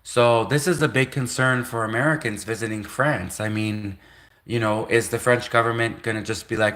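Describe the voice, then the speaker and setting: A man's voice: fairly low pitch, steady tone, normal speed, sharp tone. A man hosting a livestream, rambling in sarcastic commentary full of rhetorical questions. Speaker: livestream host.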